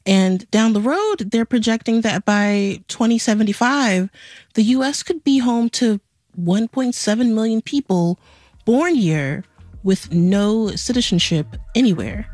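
A woman's voice: a little high, measured pace, darkish tone, dry recording. Wry female podcast co-host. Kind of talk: conversational news podcast.

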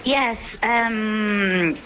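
A woman journalist from Venezuela speaks in a mid-pitched voice. Her answers are steady, measured and reflective, with only a few ums. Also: poor audio. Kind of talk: interview answer.

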